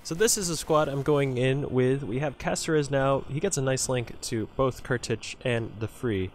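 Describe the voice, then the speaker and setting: A man's voice: mid-range voice, moderate pace. A man giving live commentary over his own soccer video game match as a channel host, cheering on his players and talking to his viewers as "boys".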